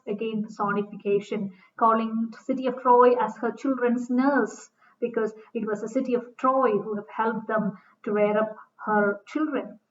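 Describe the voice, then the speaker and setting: A woman's voice: on the high side, steady tone, measured pace. A woman giving a literature lecture, reading lines from a play aloud and then explaining them in plain words, with fillers and restarts. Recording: dull distant recording.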